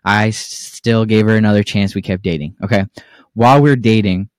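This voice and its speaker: A young adult man co-hosting a casual podcast, telling profane stories and acting out the quotes with lively energy. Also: fairly low pitch, normal speed, dry recording, studio quality. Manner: profane, animated storytelling with acted-out quotes. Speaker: podcast co-host. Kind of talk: casual storytelling chat.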